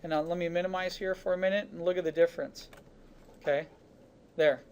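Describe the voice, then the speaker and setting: A man's voice: a little fast, lo-fi sound, a little hiss or hum. A man teaching digital painting on a screen recording, talking casually through each brush stroke with easy fillers. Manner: relaxed, talks while painting, narrates each brush stroke; casual, with fillers like "boom" and "you know". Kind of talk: screen-recorded art lesson.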